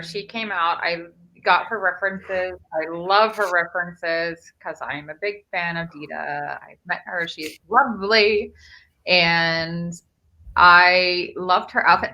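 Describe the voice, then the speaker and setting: A woman's voice: lowish voice, slow, sharp tone, lo-fi sound. Gushing woman co-hosting a podcast. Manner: gushing, effusive. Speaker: podcast co-host. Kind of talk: casual chat.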